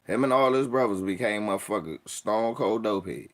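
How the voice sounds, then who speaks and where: A man's voice: fairly low pitch, moderate pace. A man in his forties telling profane stories in casual chat, laughing often and acting out the people he quotes. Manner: profane, laughs often, animated story voices. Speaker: podcast host telling stories.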